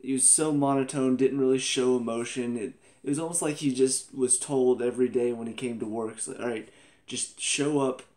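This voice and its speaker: A man's voice: medium pitch, brisk, few pauses. Chatty, laughing young man reviewing TV. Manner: animated, laughs often, exclamatory. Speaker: TV episode reviewer. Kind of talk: casual review vlog.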